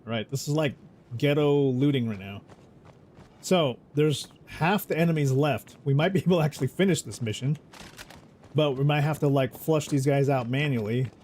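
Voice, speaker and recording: A man's voice: a little high, normal speed, a little mellow, a little hiss or hum. A man streaming a game, talking casually and rambling, often correcting himself mid-sentence. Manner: rambling, self-correcting, easygoing. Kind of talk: casual gameplay commentary. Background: game music.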